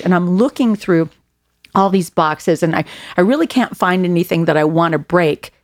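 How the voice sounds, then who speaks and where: A woman's voice: fairly low pitch, moderate pace, dry recording, clean studio sound. A middle-aged woman, a guest author and speaker, telling stories in casual conversation and laughing at herself now and then. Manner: animated storyteller, laughs at herself.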